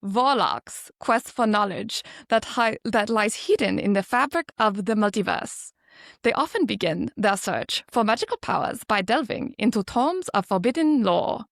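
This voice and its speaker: A woman reading a rulebook passage as a fantasy warlock in a fake German accent, turning W into V, slow and heavy. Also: medium pitch, expressive, vocal fry, no room sound, studio quality, pitched below the performer's own voice. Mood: ominous.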